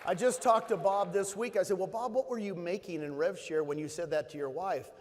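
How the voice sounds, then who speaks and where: A man's voice: high voice, a little fast, some chatter behind. Emphatic man speaking in a hall. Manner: storytelling, emphatic, repeats key phrases. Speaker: conference speaker. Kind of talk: motivational stage talk. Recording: hall reverb.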